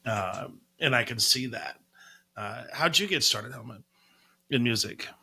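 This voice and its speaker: A man with a very bright, sharp-edged voice hosts a podcast conversation. He reflects for a moment, then prompts a guest with a question. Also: mid-range voice, expressive, measured pace, breathy edge. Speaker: podcast host. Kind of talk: interview questions.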